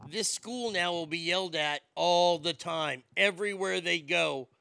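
A man's voice: sits high, a little slow, gravelly, bright, forceful tone, smooth, dry recording, studio quality. A man delivering a blunt, sarcastic, profane opinion rant as a commentator.

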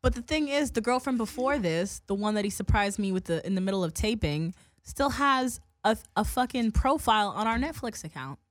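A woman's voice: mid-range voice, expressive, a little fast, dry recording. Young woman podcast host, rambling and profane, dry close mic. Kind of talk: casual chat.

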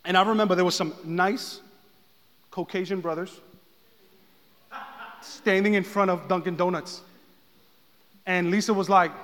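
A man preaching a sermon as pastor, swinging from hushed talk to shouted passages. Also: high-pitched, animated, normal speed, pauses often. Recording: long hall reverb.

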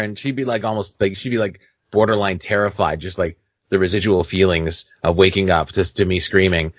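A young man co-hosting a casual podcast, telling stories with lots of swearing and acting out his own panicked shouts. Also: low voice, steady tone, brisk, no echo. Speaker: podcast co-host.

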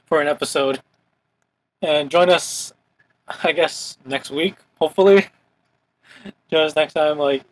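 A man's voice: on the high side, poor audio. Rambling young man hosting a podcast. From Hawaii. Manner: rambling, heavy use of "like" as filler. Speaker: podcast host. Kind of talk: casual chat.

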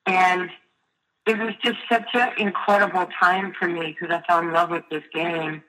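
A woman from New City, telling lively stories as a guest in an interview and acting out the voices in them. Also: lowish voice, moderate pace, background noise. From New York City. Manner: lively storyteller who acts out the voices in her stories. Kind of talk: storytelling interview.

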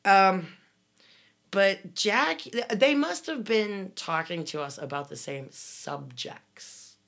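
A woman's voice: medium pitch, expressive, slow pace, creaky, a bit bright. A woman, casually recounting her time in a commune, rambling with restarts. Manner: rambling, many restarts, laughs while telling. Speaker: guest recounting life in a commune. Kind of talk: casual conversational storytelling.

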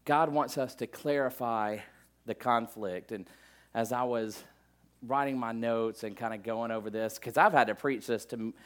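A middle-aged man preaching a sermon in a relaxed, conversational manner, with plenty of asides and filler words. His voice sits at an ordinary, mid-range pitch for a man. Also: moderate pace. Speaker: pastor.

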